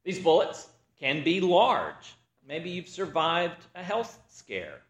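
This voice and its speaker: A man preaching in an echoey room, his high voice swinging up and down as he tells a joke and acts out each character. His tone is bright and forward, the manner of a practiced storyteller. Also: big pitch swings, slow. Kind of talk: sermon with a joke opener.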